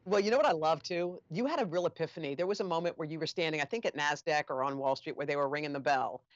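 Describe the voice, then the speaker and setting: A woman's voice: sits low, quick pace, dry recording, lo-fi sound. A woman interviewer on stage, reacting with feeling as she asks her questions. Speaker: interviewer, TV co-anchor.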